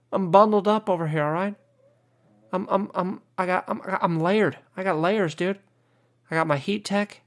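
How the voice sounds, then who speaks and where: An American man hosting a podcast, ranting casually with lots of swearing and "you know" fillers, sounding exasperated. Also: sits high. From United States. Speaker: podcast host. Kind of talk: casual rant.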